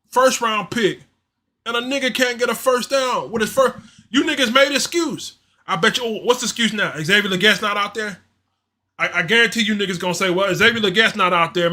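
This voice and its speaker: A man's voice: high-pitched, fairly quick, bright, forceful tone. A man hosting a fan livestream, giving casual play-by-play and frustrated, slangy reaction that repeats itself. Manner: frustrated, repetitive, slangy, ranting. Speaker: livestream host doing play-by-play.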